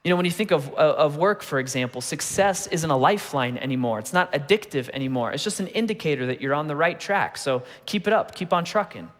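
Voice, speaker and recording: A man in his thirties preaching a sermon in a relaxed, conversational way, telling personal stories with humor. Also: a little high, fast talker, hardly any pauses. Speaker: pastor. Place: church auditorium. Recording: long reverb of a large hall.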